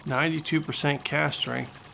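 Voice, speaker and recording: A man hosting a video game channel, commentating gameplay with excitable, joking trash talk, over guitar music. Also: fairly high pitch, normal speed, gravelly, slight background noise. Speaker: gaming channel host.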